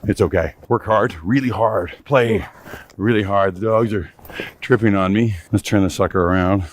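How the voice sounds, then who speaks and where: A man's voice: fairly low pitch, normal speed, a little hiss or hum. A middle-aged man, slightly out of breath, chatting in a boisterous, joking, profane way while snowshoeing along a snowy outdoor trail. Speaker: podcast host and company boss. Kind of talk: casual chat while hiking.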